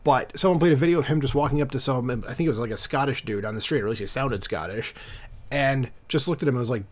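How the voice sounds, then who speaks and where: Man, commentary host, reads an article aloud, casual filler-heavy asides, irritated, mid-pitched voice. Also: fast talker. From United States. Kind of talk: reading and reacting to an article.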